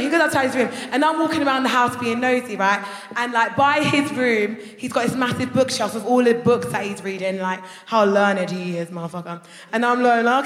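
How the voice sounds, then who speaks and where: A woman doing a live stand-up set on stage, telling crude stories in a brash, animated way. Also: sits high. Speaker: guest stand-up comedian. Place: large concert hall stage. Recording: echoey hall, live crowd noise. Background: live audience laughing.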